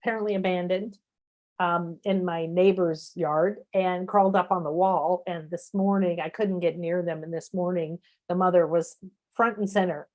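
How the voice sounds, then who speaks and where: A woman's voice: on the low side, fairly even intonation, normal speed, dull audio. A woman host in a casual conversation, greeting her guest fondly and chatting with plenty of fillers. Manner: warm and chatty, frequent fillers.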